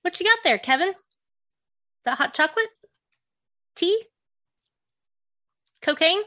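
A woman's voice: very high voice, animated, takes it slowly, pushed and bright, no echo, studio quality. Chatty laughing woman podcast host. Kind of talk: casual chat.

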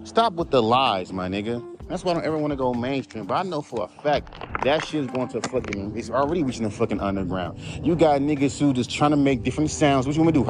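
A man who raps, ranting in a casual, profane, heated way on his podcast. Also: mid-range voice. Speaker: podcast host, rapper. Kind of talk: casual rant.

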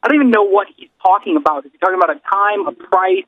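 A man with a high voice co-hosts a casual podcast, riffing on everyday observations. His sound is dull and lo-fi, with the top end muffled. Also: lively intonation, quick pace, dry recording. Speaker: podcast co-host. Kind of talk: casual comedic chat.

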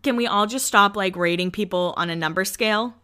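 A young woman hosts a podcast, telling stories about her work and social life in a casual monologue that's candid, blunt and full of swearing, and she quotes people in lively voices. Her voice is medium-pitched and brisk, with a clean tone.

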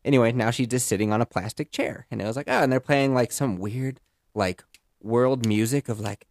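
A young man in casual podcast storytelling, rambling and jokey with lively bursts. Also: mid-range voice, fairly quick, dry recording, clean studio sound. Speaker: podcast host.

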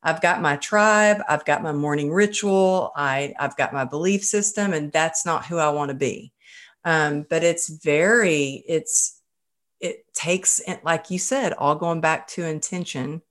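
A woman hosting a conversational interview, speaking with open, heartfelt enthusiasm. Her voice sits slightly low for a woman, and she lingers on her words as she praises her guest. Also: unhurried. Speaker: podcast host.

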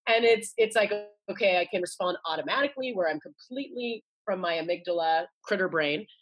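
A woman's voice: on the low side, brisk. A woman in her forties, a guest author, talking earnestly in a casual interview and often restarting and repeating her words. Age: 40s.

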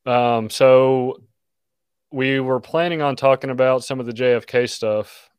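A laid-back male podcast host with a smooth, resonant voice, easing through channel plugs with plenty of "uh"s and "um"s. His voice sits at an everyday middle pitch, and the close mic sounds dry with no room around it. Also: a little slow, dry recording. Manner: relaxed, plugs channels with filler words. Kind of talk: casual chat.

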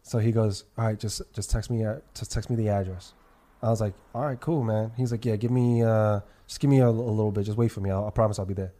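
A man's voice: lowish voice, fast talker. A man in casual podcast chat, telling a long story with lots of swearing and acted-out quotes. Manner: animated, profane, repeats himself in quoted dialogue.

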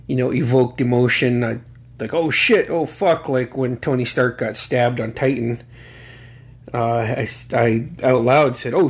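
A middle-aged man hosting a podcast in casual chat, rambling with lots of fillers and cheerful swearing. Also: medium pitch. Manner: excitable and profane, rambling with many fillers. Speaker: podcast host.

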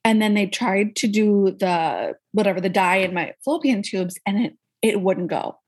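A woman's voice: mid-range voice, normal speed, breathy edge. A young woman guest candidly recounting her experiences in a casual interview, acting out what others said. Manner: candid, animated, acts out quoted voices. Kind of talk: casual conversational storytelling.

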